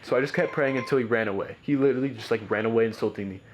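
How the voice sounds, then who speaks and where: A man's voice: medium pitch, racing, a little hiss or hum. A man casually telling a personal story as a podcast guest, rambling with lots of "like" and "bro" and frequent restarts.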